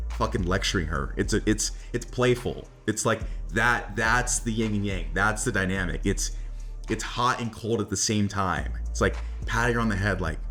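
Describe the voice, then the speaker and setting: Speaking with a fairly low pitch and a sharp tone, a man plays the dating coach in a laid-back monologue. His style is crude and cocky; he keeps cracking himself up and peppers nearly every line with "like" and "right?"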